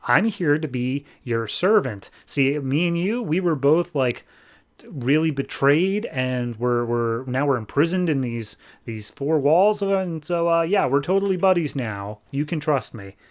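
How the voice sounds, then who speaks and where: A man's voice: on the high side, animated, a little slow. A man putting on Eclipso, a chummy shadow demon. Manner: laid-back, wheedling, buddy-buddy tempter. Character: chummy ancient male shadow demon in a diamond.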